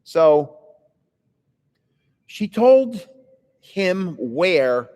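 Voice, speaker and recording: Speaking very slowly, this older livestream host has a high-pitched, very animated, slightly mellow voice that sounds like it's in a large hall. He rambles casually through chatty stories indoors, in a building with another floor.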